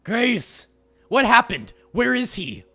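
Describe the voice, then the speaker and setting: A man voicing a hot-headed young man in a visual novel read-aloud, shouting and frantic. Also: extremely high pitch, big pitch swings, slow pace, vocal fry, breathy edge, pitched above the performer's own voice, heavily acted. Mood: alarmed.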